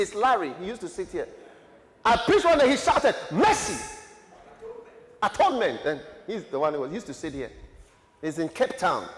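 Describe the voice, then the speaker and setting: A man preaching a sermon, reading out names and places with chatty asides. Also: high voice. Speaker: pastor. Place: large church hall. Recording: echoey church hall reverb.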